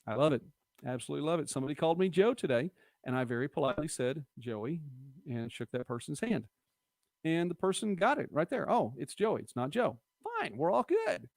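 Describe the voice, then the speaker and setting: A man's voice: on the high side, sing-song, brisk, dry recording. Chatty middle-aged man, dry close mic. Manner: chatty, rambling, quotes movie lines. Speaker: host of a local live-stream show. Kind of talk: casual live-stream chat reading viewer comments.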